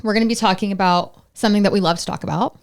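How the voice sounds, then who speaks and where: A woman's voice: medium pitch, steady tone, racing. A young woman co-hosting a podcast, chatting casually and playfully, laughing often and swearing now and then. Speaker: podcast co-host. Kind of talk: casual chat.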